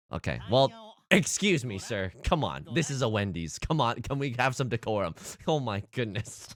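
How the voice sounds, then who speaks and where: Excitable young man telling a story. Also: medium pitch. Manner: animated, excitable, quick to laugh and exclaim. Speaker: gaming video creator. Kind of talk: casual storytelling while playing a game.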